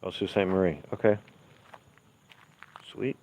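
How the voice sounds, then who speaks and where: A man hosting a casual livestream outdoors at night, chatting easygoingly as he answers viewers while walking on gravel. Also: unhurried, darkish tone, a little hiss or hum. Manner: easygoing, rambling, low-key. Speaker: livestream host. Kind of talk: casual live-stream chat, reading viewer comments.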